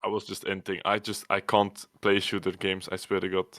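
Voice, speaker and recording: A man with a low voice rambles through a gaming story on a podcast call, jumping into quick impressions of teammates. The sound is dry and close, with no room around him. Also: completely flat delivery, a bit bright, dry recording. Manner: rambling storyteller, mimics players mid-story. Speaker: podcast co-host. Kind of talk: casual gaming chat. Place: online voice call.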